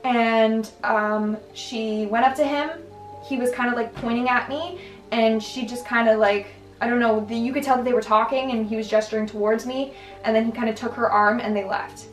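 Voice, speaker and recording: A woman's voice: on the high side, steady tone, moderate pace. A young adult woman telling personal stories in a casual, rambling way, full of "like" and restarts. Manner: chatty, filler-heavy, lots of "like" and restarts. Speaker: vlogger. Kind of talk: casual storytelling. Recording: roomy, distant mic, faint music.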